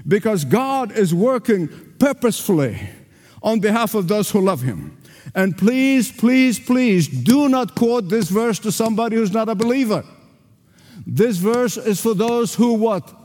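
An older male pastor preaching with a high, lively voice that rises and falls dramatically. He hammers points through repetition and asks the congregation to answer back. His voice rings through a large church with a long reverb. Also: measured pace, long pauses. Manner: emphatic, repetitive preaching with call-and-response. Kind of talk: sermon. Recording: reverberant hall.

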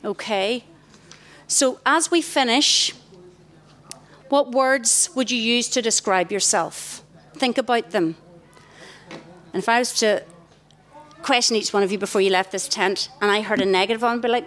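A middle-aged woman, giving a lively, direct sermon to a tent of girls. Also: on the high side, moderate pace, pauses often. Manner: lively, direct, warmly emphatic. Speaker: youth speaker. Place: large tent.

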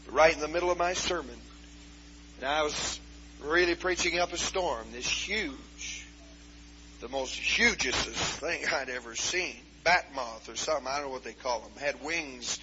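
A man preaching a fervent Pentecostal sermon, punctuating with hallelujahs and "uh" fillers and climbing into shouts, on a dull lo-fi 1970s tape. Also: fairly high pitch, slight background noise.

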